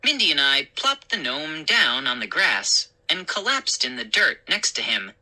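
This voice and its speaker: Woman storyteller, slow pace, lively pitch, very bright tone, lowish voice. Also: poor audio. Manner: expressive, unhurried. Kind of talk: reading a children's story aloud.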